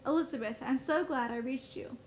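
A woman's voice: high-pitched, fairly quick, slight background noise, natural voice, poor audio. A woman teacher reading aloud as an anxious mother who urgently insists on being heard. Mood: insistent. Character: anxious mother shaken by a dream.

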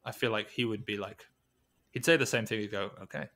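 A man speaking as a guest on an interview podcast, thoughtful and halting, with many restarts and fillers. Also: fairly low pitch, fairly even intonation, fairly bright tone. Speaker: podcast guest, weightlifting coach. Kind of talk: reflective conversational interview.

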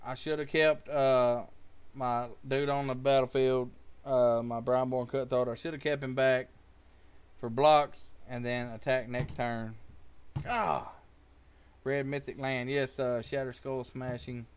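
A man with kids casually commentating his live-streamed card game, talking to chat with excitable, profane trash talk. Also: medium pitch, measured pace, clean tone. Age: adult with kids.

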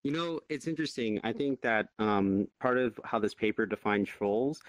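A man hosting a casual panel discussion, measured as he explains research findings. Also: fairly low pitch, dry recording.

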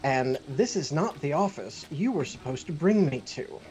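A man's voice: a little high, expressive, normal speed, a little mellow, lightly acted, low-quality recording. A man voicing a condescending male scoundrel in a posh voice. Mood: haughty.

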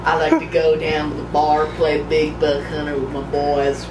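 A man's voice: a little high, completely flat delivery, normal speed, natural voice. A man playing a boozy, rambling backwoods hunter in an improvised comic interview, goofy and laughing a lot. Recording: distant echoey mic with loud traffic noise.

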